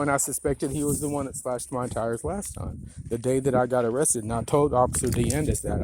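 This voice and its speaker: A man's voice: mid-range voice, noisy background. A man filming himself outdoors on his rural land with a phone, ranting angrily with profanity and many rambling "you know"s. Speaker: property owner filming a complaint. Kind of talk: angry handheld vlog rant.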